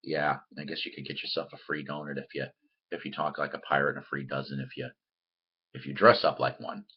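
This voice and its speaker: A man's voice: extremely low pitch, level tone, a little fast, slightly rough, highs cut off. A man hosting his own record-collecting show from a room at home, rambling casually to viewers, restarting and repeating words as he goes. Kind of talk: casual chatty monologue to viewers.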